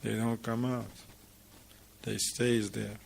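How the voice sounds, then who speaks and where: Slow, deliberate man teaching a mosque class. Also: fairly low pitch, flat delivery, vocal fry, a little hiss or hum. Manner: conversational, asks the students questions and repeats their answers. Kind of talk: informal religious class with students.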